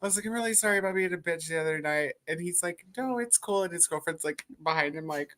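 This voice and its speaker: A woman's voice: fairly low pitch, fast talker, background noise. A woman co-hosting a reading livestream, chatting casually and telling stories with lots of laughter. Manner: animated storytelling, laughing often. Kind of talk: casual chat.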